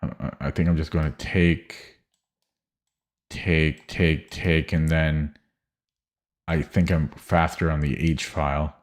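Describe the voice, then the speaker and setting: A man's voice: extremely low pitch, flat delivery, takes it slowly, long pauses. A man streaming chess puzzles, thinking aloud in a hesitant, muttering way with many fillers and restarts.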